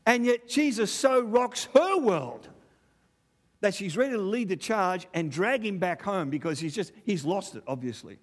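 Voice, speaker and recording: This middle-aged Australian-accented man delivers a lively, conversational sermon full of rhetorical questions and asides aimed at the congregation. He speaks at a normal pace in a high-pitched voice.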